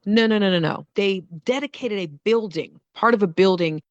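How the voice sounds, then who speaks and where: A middle-aged woman host telling a story in a lively monologue, acting out the voices of the people in it. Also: medium pitch, normal speed, no echo, highs cut off. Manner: animated, acts out quoted voices. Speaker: podcast host.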